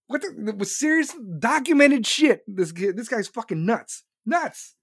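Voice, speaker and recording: A man's voice: very high voice, big pitch swings, a little slow, fairly bright tone, husky, no echo, studio quality. A man hosting a podcast, ranting solo in a profane, sarcastic, heated way. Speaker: podcast host.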